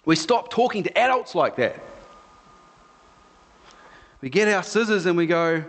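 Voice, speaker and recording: A man's voice: high voice, expressive, unhurried, long pauses. A male pastor preaching a sermon in a conversational, storytelling way. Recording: echoey hall.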